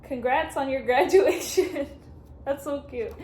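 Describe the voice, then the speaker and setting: In an echoey room with faint background noise, a young woman speaks a little slowly in a high, somewhat mellow voice. She's a vlogger, chatting casually and emotionally as she gushes over a card she reads aloud.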